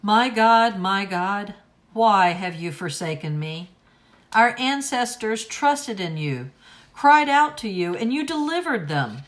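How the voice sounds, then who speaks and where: A woman reads scripture aloud in a solemn, deliberate liturgical manner. Her voice is pitched in the middle for a woman, and she takes each phrase carefully. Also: expressive. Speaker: scripture reader. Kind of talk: liturgical reading.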